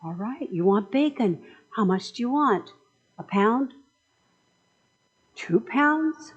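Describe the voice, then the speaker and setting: A woman's voice: a little high, expressive, slow, slightly rough, highs cut off, exaggerated voice. A woman voicing a puzzled, friendly butcher who questions a dog while telling a joke in a sermon. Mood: coaxing. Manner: questioning, coaxing.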